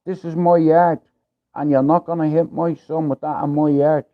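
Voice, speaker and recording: A man voicing a sharp-tongued, protective mother who scolds in street slang, over tinny phone-like audio. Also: fairly high pitch, little pitch movement, normal speed, natural voice. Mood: scolding.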